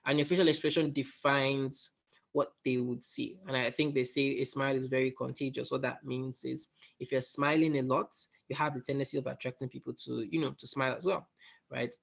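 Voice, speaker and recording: A man teaching a soft-skills workshop in a conversational way, often checking in with his listeners. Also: mid-range voice, vocal fry, highs cut off. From West Africa. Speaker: workshop facilitator.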